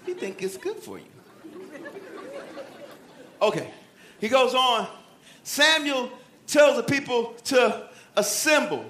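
A man preaching a sermon in a lively, animated way, shouting at times and dropping to a hush, acting out Bible figures. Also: extremely high pitch, slow, pauses often, echoey room, some chatter behind.

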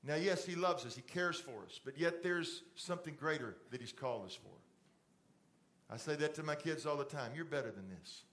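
A middle-aged pastor delivers a sermon from a church stage. His voice sits fairly high for a man. He talks conversationally and slips into a soft, fatherly tone when he speaks to the congregation directly. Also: moderate pace. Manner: conversational preaching, drops to a soft fatherly voice for asides.

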